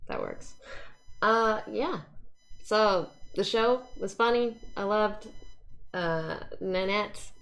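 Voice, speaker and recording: A woman's voice: mid-range voice, animated, slow, fairly bright tone. A young woman from Canada, a cosplayer chatting casually as an interview guest, laughing often and mimicking voices.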